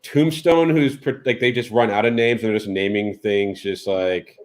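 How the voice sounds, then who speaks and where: Low-voiced, hesitant male friend. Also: fairly even intonation, moderate pace. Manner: hesitant, full of "like" fillers. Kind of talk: casual chat over drinks.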